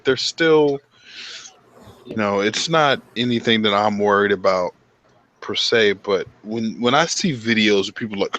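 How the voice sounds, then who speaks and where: A man talking casually in a group chat, animated and full of swearing, calling everyone dude. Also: lowish voice, muffled recording. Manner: animated, heavy swearing, says dude a lot. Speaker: podcast host.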